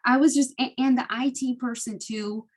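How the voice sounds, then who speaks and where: A woman in her fifties shares personal stories with her study group over a video call. She talks in an animated, emotional way, her voice jumping up as she gets caught up in the telling, and she often starts a sentence over. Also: fairly high pitch, moderate pace. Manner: animated, emotional storytelling with frequent restarts. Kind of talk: casual personal sharing.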